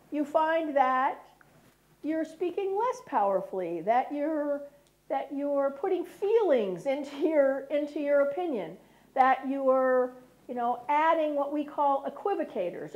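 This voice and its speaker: Lively high-voiced American woman lecturing. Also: muffled recording. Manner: lively, checks in with "right?" often. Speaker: speaker. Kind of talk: lecture talk.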